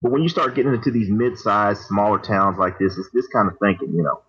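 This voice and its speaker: A man from Texas, reading news stories on a podcast in a hesitant way, with frequent pauses. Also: lowish voice, a bit bright, husky. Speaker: news segment reader. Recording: dull, lo-fi sound.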